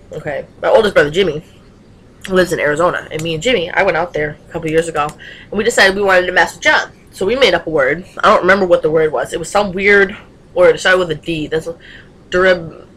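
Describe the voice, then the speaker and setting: A woman's voice: lowish voice, a little fast, a bit bright, slightly rough, low-quality recording. Emphatic young woman ranting on a webcam. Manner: emphatic, passionate, full of rhetorical questions. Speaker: vlogger. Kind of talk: casual webcam rant.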